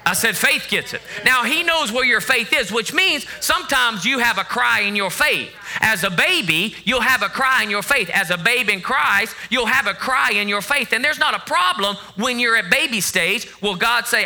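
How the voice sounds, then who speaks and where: A man's voice: sits high, expressive, moderate pace, few pauses, bright, forceful tone. A man preaching a sermon, emphatic and fond of repeating phrases, sometimes acting out voices. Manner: acts out voices of God and of begging believers.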